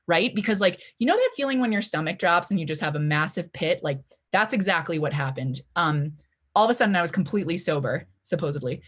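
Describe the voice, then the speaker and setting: Woman in her twenties, live storyteller, chatty, filler-heavy, lower pitch. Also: brisk, a bit bright. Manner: chatty, full of "like" and "you know" fillers. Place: library event stage before an audience.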